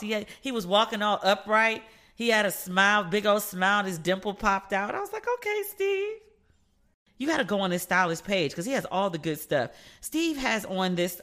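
A middle-aged woman hosts a podcast, chatting playfully about celebrity news and slipping into voices to act out what people said. Her voice is mid-range with a fairly bright tone.

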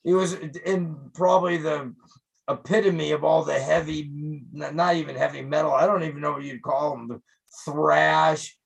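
An older man, a rock photographer, telling stories in an interview, animated and profane, loudly acting out what he said to musicians. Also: a little high, moderate pace, vocal fry, breathy edge, low-quality recording. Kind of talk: casual storytelling interview.

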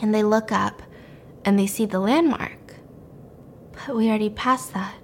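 A woman casually recapping a horror movie as a storyteller, animated and profane, often breaking into laughter. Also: mid-range voice, normal speed, slight background noise.

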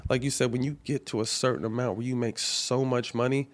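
A middle-aged man in a casual interview, speaking candidly with profanity and frequent halting restarts. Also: medium pitch, steady tone. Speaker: guest.

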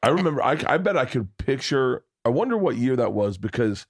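A man hosting a casual podcast, excitable and quick to burst into loud laughter. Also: mid-range voice, husky, dry recording, clean studio sound. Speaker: podcast host.

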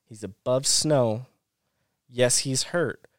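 A man's voice: mid-range voice, takes it slowly, dry recording, clean studio sound. A middle-aged man, a former pro snowboarder, retelling an avalanche rescue as a podcast guest in a rush of restarts and repeated phrases. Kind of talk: casual storytelling interview.

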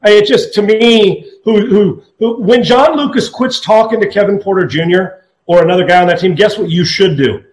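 A man hosting sports talk radio, blunt and opinionated, talking fast with many restarts. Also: high-pitched, roomy sound, rough recording.

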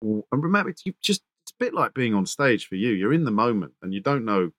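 A radio presenter spins anecdotes as a guest, fluent but stumbling over quick restarts, and acts out the quotes as he goes. His voice sits in an ordinary middle register, recorded close and dry. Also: medium pitch, very animated, fairly bright tone, dry recording. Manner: fluent storyteller with many restarts and acted quotes. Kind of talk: anecdotal interview storytelling.

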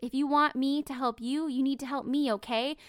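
A woman reading out the lines of a furious woman interrogator, hectoring and repeating shouted demands. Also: high voice, fairly even intonation, fairly quick, no echo, clean studio sound, natural voice. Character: shrill, furious woman interrogator, accusing and bullying.

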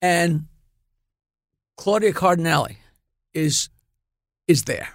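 A man telling comic show-business stories in casual chat, animated and laughing through his punchlines. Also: fairly high pitch, takes it slowly, dry recording, studio quality. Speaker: guest comedian. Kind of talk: casual storytelling.

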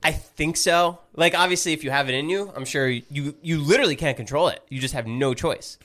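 A man's voice: on the high side, fairly quick, sharp tone. A young man co-hosting a casual podcast, asking prompting questions and cracking jokes. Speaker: podcast co-host.

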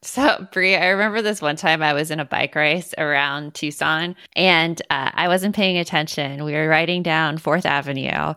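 A woman hosting a casual podcast, animated and feisty, with lots of "like" in her speech. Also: sits low, moderate pace, hardly any pauses, clean tone, no room sound, studio quality. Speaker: podcast host.

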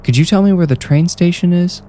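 A man's voice: high-pitched, brisk, mellow, soft background music, pitched above the performer's own voice, natural voice. A man voicing a lost and confused undead young woman, timid and pleading.

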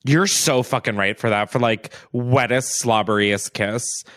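A man's voice: mid-range voice, fairly even intonation, measured pace, fairly bright tone, no echo, studio quality. A young man hosting a casual, comedic chat show, joking and laughing often. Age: young adult. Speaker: podcast host.

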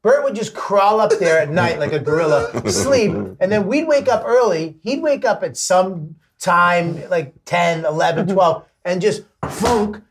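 A man's voice: sits high, animated, a little slow, hardly any pauses. A man who is a podcast guest, telling stories in casual chat in a blunt, self-deprecating way, with some swearing.

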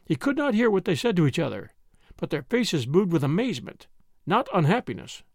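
A man narrating a classic mystery story as an audiobook reader, expressive and lively. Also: sits high, a little fast, no echo, studio quality.

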